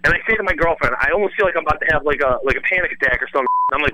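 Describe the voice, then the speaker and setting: A man telling a wild story in animated casual chat, rambling with lots of fillers and swearing freely. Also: a little high, rapid-fire, few pauses, a little hiss or hum, rough recording. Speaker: former radio host telling a story as a guest.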